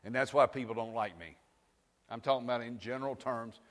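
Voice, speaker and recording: A man preaching a sermon, firing rhetorical questions and rising to shouts. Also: mid-range voice, brisk, in a large hall. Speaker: pastor. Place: church sanctuary.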